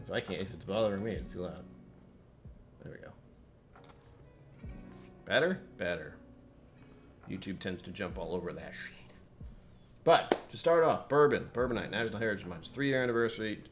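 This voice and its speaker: A man hosting a casual livestream, chatting with viewers and muttering to himself while he fixes his settings. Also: deep voice. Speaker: livestream host. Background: faint background music.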